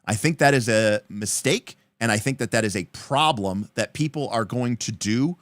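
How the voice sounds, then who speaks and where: A man hosting a livestream, casually answering viewer questions with animated game-master advice. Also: mid-range voice, normal speed, no room sound. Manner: animated, explanatory, answering chat comments.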